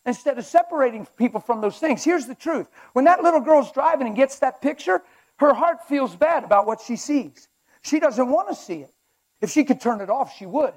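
A man with a high voice preaching a sermon. He talks in an emphatic, animated way and acts out little scenes to make his points. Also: moderate pace.

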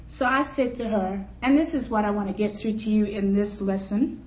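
A woman's voice: medium pitch, moderate pace. A woman in her fifties, a pastor's wife, telling playful, chatty, funny stories from her life at a conference luncheon. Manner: animated, playful, chatty storyteller. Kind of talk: humorous personal storytelling talk. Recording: echoey hall, voice from far off, faint crowd and noise.

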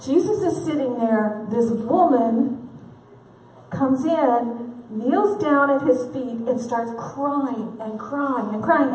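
A woman's voice: high-pitched, takes it slowly, a little mellow. A woman conference speaker giving a humorous faith talk, candid and self-deprecating, laughing often, heard from a distant mic in a large event hall.

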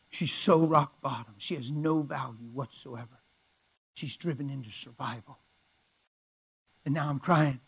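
A fervent male preacher tells a story in a slightly higher voice. He talks to his listeners conversationally and often sinks to a hushed near-whisper. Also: breathy edge, rough recording. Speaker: pastor. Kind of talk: storytelling sermon.

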